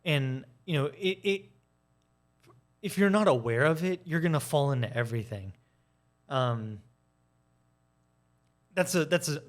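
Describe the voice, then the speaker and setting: In a mid-range voice, a man gives a casual, candid monologue about his own life for a video essay. He's animated, switching voices to act out arguments, and swears now and then.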